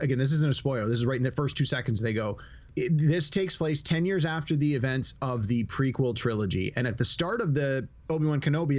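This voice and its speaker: Animated man telling stories on a podcast. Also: medium pitch. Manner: animated storyteller, acts out quotes. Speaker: podcast co-host. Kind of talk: casual chat.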